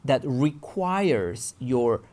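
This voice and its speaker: A man's voice: mid-range voice, animated, drawn-out words, darkish tone. A man teaching an English pronunciation lesson, patiently explaining and checking that his students follow along. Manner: patient, checks understanding with "yeah?".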